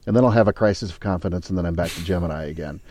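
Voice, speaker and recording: A man's voice: low-pitched, rapid-fire, warm tone. A man hosting a casual chat, making playful, self-deprecating asides.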